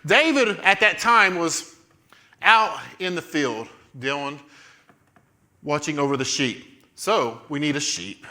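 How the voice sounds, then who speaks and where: Slow, bright-voiced man coaching kids. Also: a little high. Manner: playful, coaching children through a skit. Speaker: children's church leader. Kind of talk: playful Bible storytelling with kids acting.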